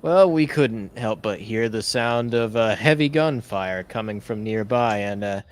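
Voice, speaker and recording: A man's voice: lowish voice, measured pace, smooth, natural voice. A man voicing a mocking male cyborg gang leader with a chainsaw hand, in a theatrical, taunting way. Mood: sly.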